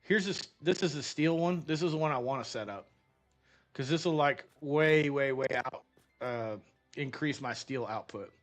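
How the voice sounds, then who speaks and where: A man's voice: mid-range voice, normal speed, faint music behind. A man giving casual gameplay commentary, rambling and swearing freely as he talks himself through what to build next. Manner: rambling, profane, talks to himself while playing. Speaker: gaming streamer.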